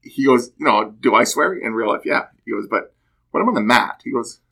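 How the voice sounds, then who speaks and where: A man's voice: mid-range voice, fairly quick, creaky. A man chatting casually about a training course, telling stories and acting out what others said. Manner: animated storytelling, acts out quoted speech. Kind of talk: casual podcast chat.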